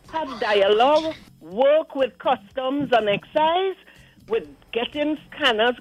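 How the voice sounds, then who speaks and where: A woman with a Trinidadian accent calling in to a radio show, animated and indignant, acting out the voices she quotes. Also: a little high, dry recording, poor audio. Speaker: caller. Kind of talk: call-in radio commentary. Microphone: phone line.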